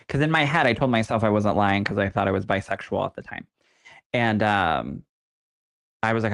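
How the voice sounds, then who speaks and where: A young adult man, a psychic medium co-hosting a podcast, telling stories in an animated, campy way. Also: fairly low pitch, brisk, vocal fry. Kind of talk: casual podcast chat.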